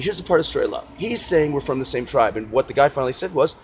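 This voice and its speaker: A man's voice: a little high, a little fast, a little hiss or hum. Rambling, profane comic storyteller man. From Encino, California. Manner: animated, profane, digressive. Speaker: vlogger. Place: outdoors on a city street.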